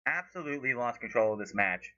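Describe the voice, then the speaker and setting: A man calling a live match as a fan in a watch-along, his voice sharply bright and cutting. He swears freely and his pitch leaps up whenever play goes against his side. The audio is dull and lo-fi. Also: expressive, quick pace, no room sound. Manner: heated, profane ranting with sudden high-pitched outbursts.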